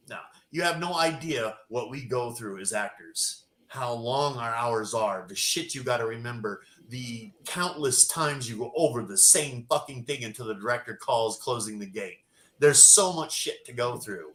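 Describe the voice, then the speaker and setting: A man telling a long profane story as a podcast guest, loud and animated. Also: mid-range voice, moderate pace, roomy sound, low-quality recording. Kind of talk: casual storytelling.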